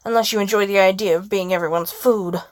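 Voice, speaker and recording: A woman's voice: medium pitch, fairly even intonation, fast, no room sound, studio quality, pitched below the performer's own voice, natural voice. A woman voicing a cold, curt young male pianist, speaking in a sleepy, irritated way.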